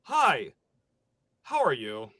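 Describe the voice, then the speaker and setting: A man's voice: medium pitch, huge pitch swings, extremely slow, sharp tone, no echo. A man hosting a sports podcast, ranting sarcastically with lots of energy after a loss. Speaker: podcast host.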